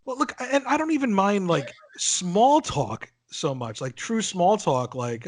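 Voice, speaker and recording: A man telling a story in casual chat, animated, swearing freely and acting out what people said. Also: high voice, moderate pace, few pauses. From northern United States. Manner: animated, swearing, acts out quotes. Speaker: podcast guest.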